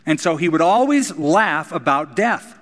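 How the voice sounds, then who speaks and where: A man preaching a sermon as pastor, earnest, moving between casual asides and emphatic high points. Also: expressive, unhurried, a bit bright. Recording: long reverb of a large hall.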